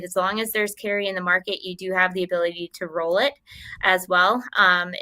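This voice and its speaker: Young woman, grain market guest, bright tone, practical and easygoing. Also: medium pitch. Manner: practical, many ums and restarts. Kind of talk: explaining market strategy on a call-in show.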